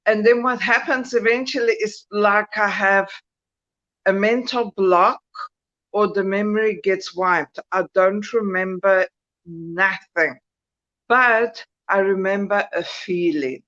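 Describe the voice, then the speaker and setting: Woman caller, talks real slow, dull muffled connection. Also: medium pitch, a bit bright. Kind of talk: casual chat.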